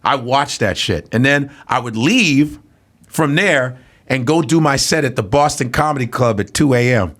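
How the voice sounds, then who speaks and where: Male stand-up guest, animated profane storyteller, bouncy pitch. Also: moderate pace. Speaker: comedian guest. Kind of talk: casual chat.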